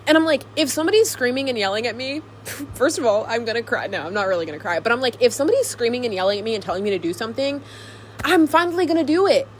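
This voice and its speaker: A young woman talks to her own camcorder, rambling and giggling through a casual vlog. Her voice sits a little high and swoops all over the place. There's a faint hiss of room noise underneath. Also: lively intonation, fast talker. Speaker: vlogger. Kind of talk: casual chat to camera. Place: alone in a room.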